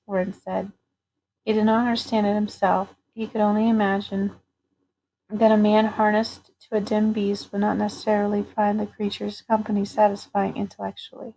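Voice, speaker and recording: Give me a woman narrating a novel in a flat, steady reading voice. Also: medium pitch, moderate pace, vocal fry, a little hiss or hum, rough recording. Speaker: audiobook reader.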